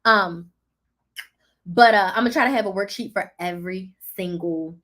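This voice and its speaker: A woman business coach chatting casually on a live stream, excitable, animated and full of slang. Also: mid-range voice, normal speed.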